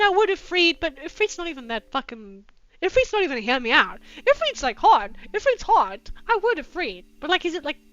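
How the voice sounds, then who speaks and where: A young woman streamer doing a comic dramatic reading of fanfiction, with sarcastic, profane, deadpan asides into a streaming mic. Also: high-pitched, dry recording. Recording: dull lo-fi with music behind.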